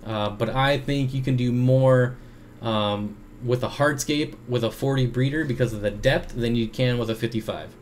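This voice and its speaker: A man's voice: mid-range voice, moderate pace, a little hiss or hum. Chatty man hosting a home livestream. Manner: rambling, chatty, many fillers, reads chat aloud. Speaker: livestream host answering chat. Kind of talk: casual livestream Q&A. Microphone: desk microphone.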